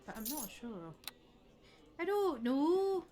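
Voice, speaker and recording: A woman streaming a game live, chatting away excitably and swearing now and then. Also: sits high, slow pace, a little hiss or hum. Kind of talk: live gameplay commentary.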